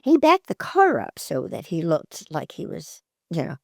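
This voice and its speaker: An older actress, a guest in an interview, tells lively anecdotes, laughs often and acts out the voices of people in her stories. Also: low voice, moderate pace, vocal fry, no room sound, clean studio sound.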